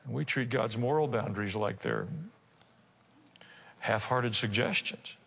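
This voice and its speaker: A man's voice: mid-range voice, unhurried, gravelly, fairly bright tone, slightly rough. An older man preaching a sermon, talking conversationally with asides and rhetorical questions. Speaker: pastor. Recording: reverberant church hall.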